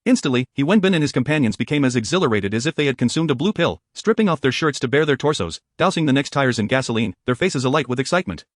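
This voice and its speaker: A man narrating an audiobook in a brisk, even storytelling manner. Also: mid-range voice, no echo, studio quality.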